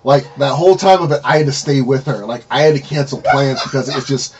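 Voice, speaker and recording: A man hosting a casual podcast interview, telling stories with lively acted-out quotes and frequent laughter. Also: mid-range voice, fast talker, few pauses, slight background noise. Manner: animated storyteller, acts out quotes, laughs often. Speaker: podcast host.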